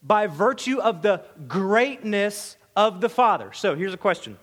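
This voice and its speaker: This pastor has a high, slightly bright voice with big pitch swings, and he keeps a measured pace while preaching conversationally and with emphasis. He often trips over repeated words, and long reverb suggests a church sanctuary.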